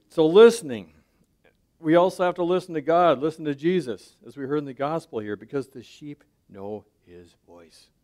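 A man preaching a sermon in a conversational way, often checking in with his listeners and dropping to a soft, low voice on key points. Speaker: pastor.

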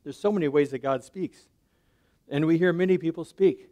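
Conversational male preacher, soft on key points. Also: on the high side, normal speed. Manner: conversational preaching, checks in with "right?" and "okay?". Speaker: pastor. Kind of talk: sermon.

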